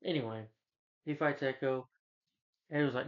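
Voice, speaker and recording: A man's voice: medium pitch, steady tone, a little fast. A man casually recapping a movie plot, rambling and filling with "like" and "you know.". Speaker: movie reviewer. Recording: dull lo-fi recording.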